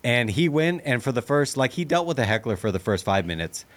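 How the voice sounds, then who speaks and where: A man's voice: mid-range voice, brisk. A man chatting casually and enthusiastically about a comedian he loves, with fillers along the way. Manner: relaxed, enthusiastic fan talk with fillers. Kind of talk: casual chat.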